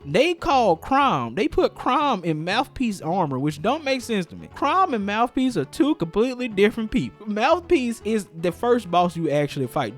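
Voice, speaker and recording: Young male host, casual rant, lively swinging pitch, somewhat high voice, faint music underneath. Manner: animated, exasperated, laughing often, repeats himself. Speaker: gaming video host.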